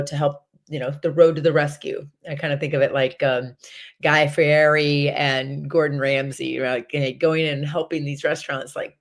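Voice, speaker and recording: A woman talking casually on her daily livestream, rambling with lots of fillers and sounding enthusiastic. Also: deep voice. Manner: chatty and rambling, with many fillers; enthusiastic and upbeat. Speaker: horse rescue trainer and vlogger.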